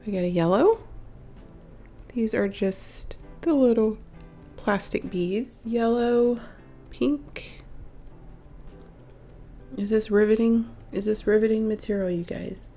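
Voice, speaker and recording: Soft music plays behind a woman whose warm, mid-range voice takes things slowly, with long pauses. Hosting a toy unboxing, she strings beads and talks casually to viewers, slightly off-voiced from sickness, correcting herself with small laughs.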